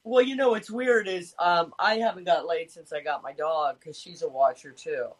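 A man's voice: fairly high pitch, normal speed. A man co-hosting a casual chat in a chatty, rambling way that trails off. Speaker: co-host.

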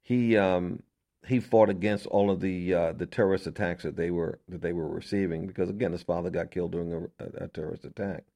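On a radio show, a man talks history to his listeners, his voice low, gravelly and dark, with a steady tone and a brisk pace. He's emphatic and conversational, poses rhetorical questions, and keeps repeating words and restarting.

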